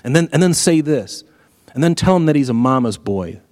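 A man's voice: a little high, animated, brisk, darkish tone, close to an everyday voice. A man doing a playful, scheming divine voice. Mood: conspiratorial. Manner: conspiratorial, egging on. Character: divine voice coaching a young hero, playful. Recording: echoey hall.

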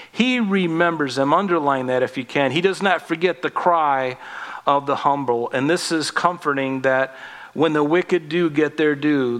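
Male pastor, forties, sermon, booming then hushed, long hall reverb. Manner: swells up on scripture, drops soft on tender points.

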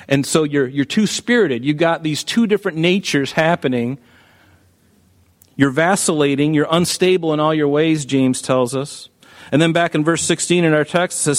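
A male pastor preaching an animated sermon, acting out Bible figures as he goes. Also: fairly high pitch, moderate pace.

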